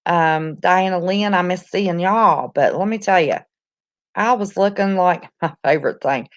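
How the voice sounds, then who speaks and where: A woman's voice: fairly low pitch, a little slow. A woman, chatting casually on her livestream, greeting viewers by name and calling them honey. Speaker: livestream host. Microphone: no headphones, device mic.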